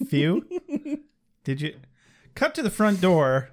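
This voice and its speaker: A man's voice: a little high, big pitch swings, slow pace. A man co-hosting a casual recap chat, joking and laughing often as he acts out quotes. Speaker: podcast co-host.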